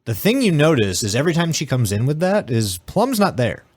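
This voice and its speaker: A man's voice: a little high, big pitch swings, fairly quick, breathy edge, no room sound. Male co-host, emphatic casual talk, close and dry mic. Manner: chatty, emphatic, swears casually. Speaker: podcast co-host. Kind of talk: casual chat.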